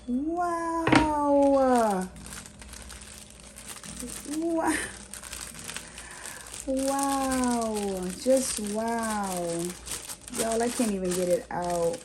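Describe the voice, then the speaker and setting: A woman's voice: a little high, expressive, extremely slow, long pauses, noisy background. A woman gushing through a gift unboxing at home, exclaiming and repeating herself. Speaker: vlogger. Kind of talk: unboxing vlog.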